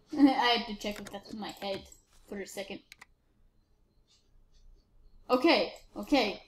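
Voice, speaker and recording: A woman commentating on a game she is playing, switching between animated outbursts and a bossy mock-stern put-on accent. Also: medium pitch, normal speed, echoey room, a little hiss or hum. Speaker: let's play gamer.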